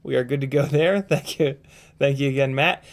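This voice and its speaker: A man's voice: medium pitch, moderate pace. A man hosting a casual live stream, rambling and joking as he reads out viewer names, his voice tired and strained. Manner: rambling, playful, swearing, frequent ums and throat clearing. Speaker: livestream host.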